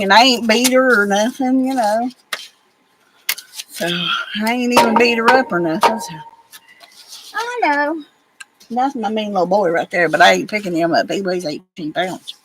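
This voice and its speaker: A woman's voice: fairly high pitch, noisy background. Folksy woman chatting while crafting. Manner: rambling, folksy, talks to her pets. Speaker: crafting vlogger. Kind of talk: casual chat while crafting.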